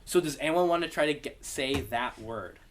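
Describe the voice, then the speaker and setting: A man's voice: medium pitch, moderate pace. Man teaching a casual Greek class. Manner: relaxed, explanatory, takes student questions. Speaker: Bible study Greek teacher.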